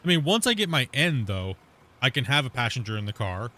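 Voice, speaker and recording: A man's voice: mid-range voice, big pitch swings, fairly quick, pushed and bright. A man from Canada streaming a game and chatting casually, rambling with many fillers and restarts. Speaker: streamer host. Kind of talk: casual chat while gaming.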